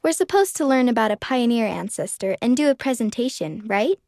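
Woman doing an eager little girl from a kids story, kinda high, dry close sound. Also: big pitch swings, brisk, a little mellow, no room sound. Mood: earnest. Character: girls in a children's story, cheerful and curious. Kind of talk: children's magazine story reading.

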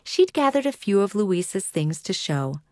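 A woman narrating a children's magazine story in a calm, clear way. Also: medium pitch, normal speed, dry recording, studio quality.

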